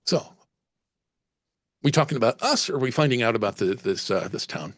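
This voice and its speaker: A man's voice: mid-range voice, big pitch swings, moderate pace, fairly bright tone, no room sound. A man narrating a solo tabletop horror game as game master, reading passages aloud and musing over the choices. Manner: reads aloud, then muses on choices.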